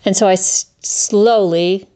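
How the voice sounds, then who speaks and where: A middle-aged woman hosting a solo podcast, candid and profane, with her voice jumping up high when she rants in exasperation. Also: steady tone, slow, dark tone. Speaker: podcast host.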